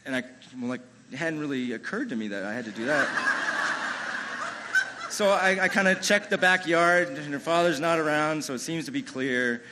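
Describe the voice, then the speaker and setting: A man's voice: a little high, lively intonation, moderate pace, heavy background noise. A man telling a true-feeling personal story live on a ballroom stage, in a conversational way with lots of "you know" and "like". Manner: amused, chuckles through the telling.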